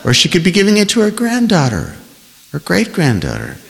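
A lively young woman full of playful mockery, voiced by a man reading a novel aloud. Her voice sits high and swings widely. A long reverb trails behind it. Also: brisk, creaky, heavily acted. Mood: teasing. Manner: playful, mocking, high-pitched put-on.

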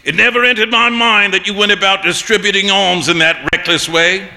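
A man reading an audiobook, voicing an amused, worldly young male painter with breezy, teasing, drawn-out emphasis. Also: high-pitched, fairly even intonation, creaky, bright, forceful tone, voice pushed up, exaggerated voice. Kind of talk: audiobook narration.

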